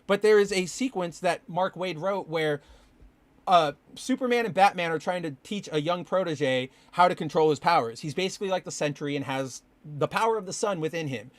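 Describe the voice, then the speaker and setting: A man with a fairly high voice hosting a casual podcast, rambling and animated, swearing when excited. The sound is dry and close. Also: normal speed, no room sound. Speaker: podcast host. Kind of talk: casual comic book commentary. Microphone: live stream with chat.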